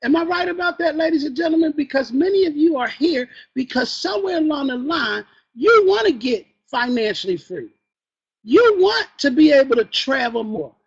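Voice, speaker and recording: High-voiced energetic man coaching a room. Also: moderate pace, dull audio. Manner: energetic, preacher-like, quizzes the audience. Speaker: sales trainer. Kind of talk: motivational sales training talk. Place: training event room.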